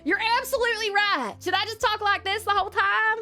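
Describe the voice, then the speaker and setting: A woman's voice: very high voice, steady tone, brisk, bright, forceful tone, faint music behind, pitched above the performer's own voice. A woman putting on a drawling Southern cowgirl. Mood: playful. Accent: put-on American Southern.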